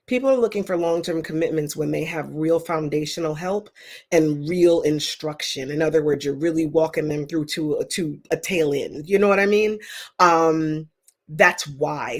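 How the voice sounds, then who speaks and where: A woman giving live-stream psychic readings to viewers, chatty and emphatic, with sudden animated outbursts. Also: sits low, moderate pace. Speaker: psychic reader.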